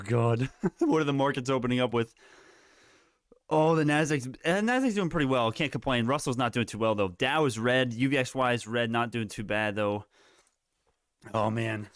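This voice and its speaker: A man's voice: mid-range voice, normal speed, clear, resonant tone, no echo, studio quality. Hyped man calling live stock moves. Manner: excitable, hyped, laughing often; swears casually. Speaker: stock market streamer. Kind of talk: live market commentary.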